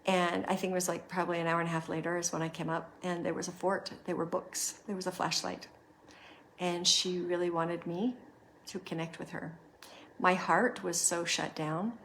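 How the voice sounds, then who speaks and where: A woman's voice: lowish voice, flat delivery, moderate pace, fairly bright tone, a little hiss or hum. A middle-aged woman hosting a podcast, earnestly guiding listeners through reflection and telling a personal story. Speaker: podcast host.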